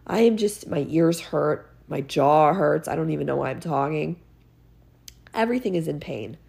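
A teenage girl with a low, heavily gravelly voice, sounding congested from being sick. She hosts her own podcast and rants in a casual, sarcastic, exasperated way, filling her talk with "like". Her low pitch and rough fry stand out. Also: lively intonation, moderate pace, a little mellow. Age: teens. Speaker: podcast host. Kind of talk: casual ranting monologue.

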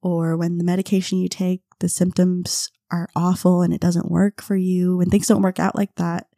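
A young woman hosting a podcast, telling a casual story with frequent laughs and quick impressions of her friends. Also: lowish voice, flat delivery, vocal fry, mellow, no room sound, clean studio sound. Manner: chatty, laughs often, mimics friends in quotes. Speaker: podcast host.

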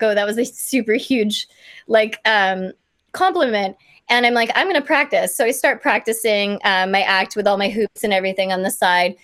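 Young woman, from Kansas, bubbly, rambling with fillers, bright-ish pitch, dry recording. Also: dry recording. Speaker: guest performer. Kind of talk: casual storytelling.

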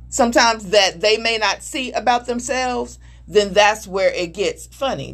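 A middle-aged woman talks in an earnest, emphatic way, at a mid pitch that is typical for a woman. She speaks candidly about her feelings in a conversation. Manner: earnest, emphatic, acts out voices mid-story. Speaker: married panelist discussing communication.

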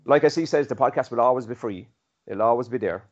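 Fast-talking Irish podcast host. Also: male voice, mid-range voice, dull audio. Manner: rapid, teasing, dry. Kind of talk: casual banter.

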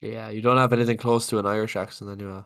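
A man's voice: lowish voice, flat delivery, very fast, vocal fry, a bit bright, clear, resonant tone. A man co-hosting a podcast in casual chat, sick with a cough, dry and laid-back. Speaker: podcast co-host.

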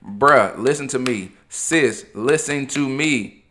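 A man delivers a motivational podcast monologue. His voice is bright and forceful, and he talks informally and preaches encouragement, hammering his points with repetition. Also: mid-range voice, slow pace. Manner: impassioned, preachy, informal, repeats phrases. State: emotional. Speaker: podcast host.

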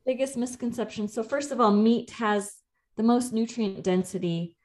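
A woman's voice: fairly high pitch, normal speed, a little mellow. A woman in her thirties, a nutrition coach co-hosting a podcast, explaining things in a chatty, easygoing way and laughing easily. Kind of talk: casual podcast chat.

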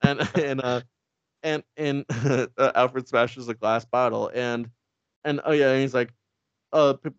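A man's voice: mid-range voice, steady tone, unhurried, clear, resonant tone, no room sound, lo-fi sound. Laughing, swearing man in casual chat. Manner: laughs often, swears, acts out characters' lines. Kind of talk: casual comedic chat recapping a show.

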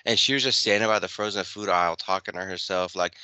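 A man's voice: fairly low pitch, fast, pushed and bright, clean tone, no room sound. A man co-hosting a casual podcast, telling rambling stories packed with filler words and laughter. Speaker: podcast co-host. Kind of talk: casual crude chat.

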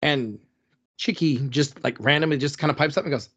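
A man's voice: on the high side, fairly quick, fairly bright tone, husky, dull audio. A man co-hosting a casual history podcast, retelling a story loosely, with lots of "like" and "um". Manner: rambling storyteller, constant "like" and "um" fillers. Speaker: podcast co-host.

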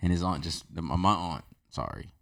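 A man with a very deep, low voice talks casually on a podcast. He is joking and blunt, tells stories with plenty of swearing, and keeps the tone loose. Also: moderate pace. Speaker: podcast guest. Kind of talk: casual chat.

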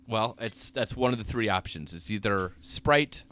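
A playful man chatting on a podcast, with a bright, forceful tone. He argues odd tangents and laughs often, his pitch swinging widely. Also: animated, normal speed. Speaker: podcast co-host. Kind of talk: casual chat.

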